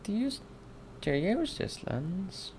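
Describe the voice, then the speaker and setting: A man putting on the soft, halting voice of a timid four-year-old boy. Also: high voice, big pitch swings, slight background noise, voice pushed up, full character voice.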